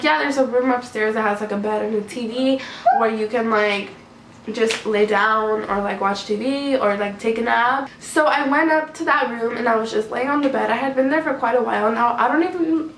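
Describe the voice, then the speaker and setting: A young woman telling a casual storytime to her camera, rambling with lots of "like" fillers. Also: on the high side. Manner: chatty, rambling, many "like" fillers. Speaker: vlogger. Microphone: camera mic. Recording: echoey room, faint background noise.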